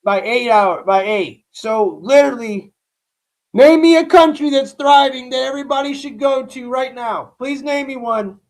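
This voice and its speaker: A livestream host with a very high voice reacts to news at normal speed, talking casually and bluntly to his chat in rambling, profane rants.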